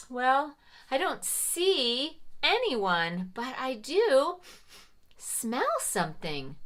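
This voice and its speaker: Woman, preschool story time host, lilting voice swooping all over, high pitch, gasps and exclamations, talks to young children. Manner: sing-song, speaks directly to young children; animated, big gasps and exclamations. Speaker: children's entertainer playing Mother Goose.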